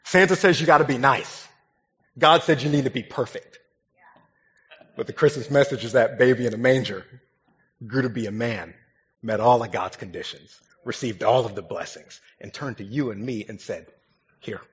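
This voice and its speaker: Young pastor preaching in a reverberant hall. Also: male voice, mid-range voice, moderate pace. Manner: humorous, conversational, lively storytelling. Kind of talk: storytelling sermon. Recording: dull sound with long hall reverb.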